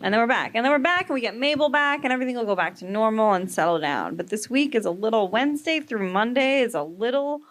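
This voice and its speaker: Talking fast with few pauses, this podcast host in her thirties has a highish, fairly bright voice. Her casual chat is full of profane stories where she acts out the quotes.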